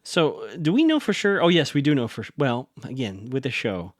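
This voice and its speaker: A man's voice: medium pitch, very animated, moderate pace, no echo, clean studio sound. A man hosting a podcast, recapping a TV episode in a chatty, rambling way and often correcting himself. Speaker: podcast host.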